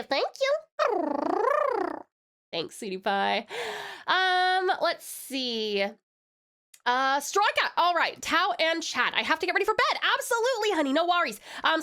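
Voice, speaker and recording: A young woman with an American accent and a high, pushed, bright voice streams live from a home desk mic. Her talk is casual chat with viewers: bubbly, giggly, affectionate, full of pet names.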